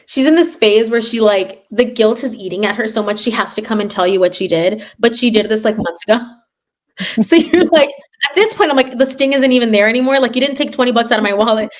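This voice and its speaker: A young adult woman who teaches third grade, hosting a casual chat and telling classroom stories with sarcasm. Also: a little high. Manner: sarcastic, animated storyteller acting out classroom quotes.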